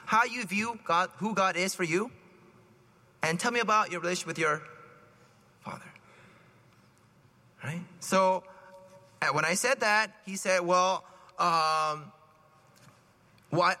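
A priest preaches in a loose, storytelling way, acting out the voices of the people in his stories. His voice sits a little high and sounds bright and forward. Long church reverb trails after every phrase. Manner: conversational, anecdotal, acts out quoted voices. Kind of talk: sermon.

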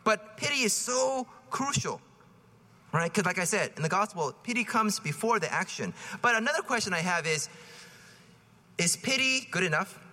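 Bright high-voiced priest in a reverberant church. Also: male voice, expressive, normal speed. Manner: casual, joking, acts out voices. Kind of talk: homily.

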